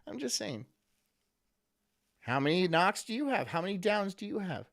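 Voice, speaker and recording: A man's voice: high voice, sing-song, moderate pace, gravelly, a bit bright, soft background music. A man casually chatting on a live stream, reading out viewer messages and teasing them. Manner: laid-back, teasing, reads out chat messages.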